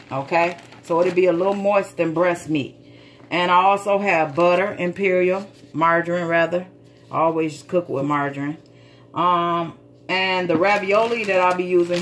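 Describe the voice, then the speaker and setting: A woman's voice: on the low side, slight background noise. Chatty woman cooking in her kitchen. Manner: chatty, folksy, calls viewers sweet babies, swears casually. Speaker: home cooking vlogger. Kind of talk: casual cooking demonstration. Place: home kitchen.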